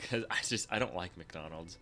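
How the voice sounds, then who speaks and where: A man's voice: deep voice, moderate pace, crowd noise. A man co-hosting a casual podcast, telling profane stories and acting out both sides of the exchange. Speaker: podcast co-host.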